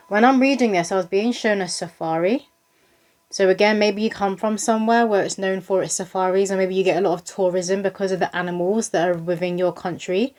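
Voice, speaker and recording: A woman's voice: medium pitch, fairly even intonation, brisk, a little mellow. A woman host giving a casual spiritual reading to her viewers, chatty and rambling, with lots of likes and ums. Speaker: psychic reader.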